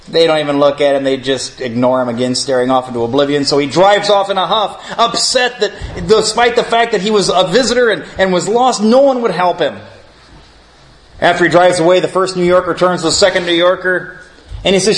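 Earnest higher-voiced man teaching theology. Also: a little fast. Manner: earnest, addresses listeners as friends. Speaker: Bible teacher. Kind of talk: theology class lecture with opening prayer.

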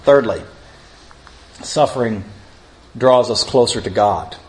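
A man's voice: lowish voice, slow pace, low-quality recording. A middle-aged man preaching a sermon, telling stories in a conversational way and rising to emphatic lists. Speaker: pastor.

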